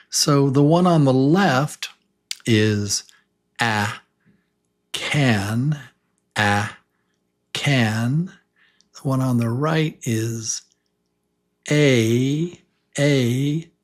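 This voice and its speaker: Teaching English to beginners, this medium-pitched man is full of enthusiasm and slowly repeats each word for his students to echo along.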